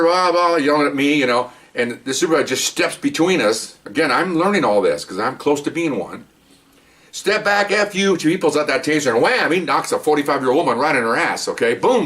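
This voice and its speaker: Older man telling stories fast. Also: mid-range voice, fairly bright tone, recorded from a distance. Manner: rambling, repeats words, says "okay?" often. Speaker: retired police officer telling stories. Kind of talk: casual storytelling monologue.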